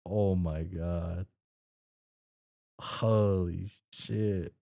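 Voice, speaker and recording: A man streaming his first read of a webcomic, reacting in quiet, amused, swearing asides. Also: deep voice, a little slow, long pauses.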